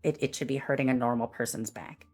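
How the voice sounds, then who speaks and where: A woman's voice: extremely low pitch, quick pace, a little mellow, soft background music. A woman streamer describing her character's actions in a tabletop game in a chatty way, with many fillers. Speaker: player and streamer. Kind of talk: casual tabletop game narration.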